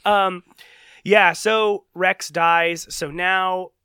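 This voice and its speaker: Casting: high, bright male podcast host, sarcastic, dry close mic. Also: steady tone, very slow, clean tone, dry recording. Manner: sarcastic, laughing, mimics characters in squeaky voices. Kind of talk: casual movie review chat.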